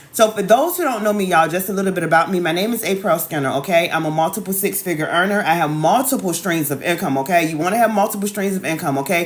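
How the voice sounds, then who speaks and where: A woman in her thirties coaching viewers on a live stream, chatty and repetitive, calling out to the chat and saying "y'all" and "okay" a lot, talking into a phone. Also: medium pitch. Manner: chatty, repeats calls to the audience, says "y'all" and "okay" often. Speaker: online business coach hosting a live stream. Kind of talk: casual live-stream sales talk.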